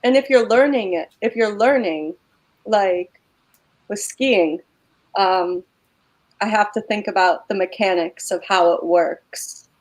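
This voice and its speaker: A woman's voice: medium pitch, takes it slowly. Woman panelist, plain and matter-of-fact, casual chat. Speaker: panel guest.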